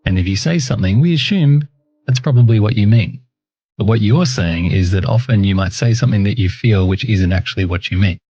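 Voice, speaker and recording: A man on a podcast explaining his point in a measured way. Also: lowish voice, dark tone, breathy edge, no echo. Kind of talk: podcast discussion. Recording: dull lo-fi sound with faint music.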